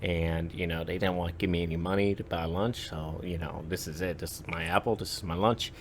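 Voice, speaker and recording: A man's voice: deep voice, fairly even intonation, brisk, slight background noise, lightly acted. A man voicing a young boy who explains matter-of-factly that an apple is his whole lunch.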